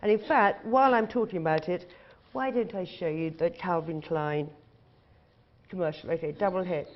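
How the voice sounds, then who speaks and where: A woman's voice: fairly low pitch, normal speed, slight background noise. Chatty middle-aged woman, lo-fi. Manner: chatty, candid, casually profane. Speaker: casting director. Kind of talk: anecdotal talk to an audience. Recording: dull lo-fi recording.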